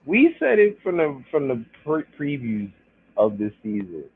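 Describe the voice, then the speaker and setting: A joking, slangy man chiming in on a casual podcast, his husky voice jumping around in pitch. He comes through a narrow, phone-like line. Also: very animated, measured pace. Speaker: podcast co-host. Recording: phone-like band-limited call audio.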